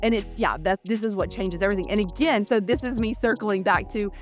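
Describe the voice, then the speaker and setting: A woman's voice: mid-range voice, brisk, faint music behind. A woman guest and parent in a casual interview, speaking in an earnest, reflective way and circling back to her points.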